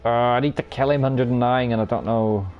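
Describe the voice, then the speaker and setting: A man's voice: mid-range voice, fairly even intonation, brisk, dull audio, faint music behind. A man streaming a card game live, commenting on his plays and bantering with viewers while cursing freely. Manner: banter-filled, swears freely, teases chat.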